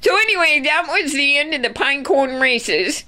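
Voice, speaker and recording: A woman's voice: high-pitched, animated, normal speed, background noise. A woman playfully calling a pretend horse race in a rambling, folksy way full of fillers. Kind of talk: playful mock sports commentary.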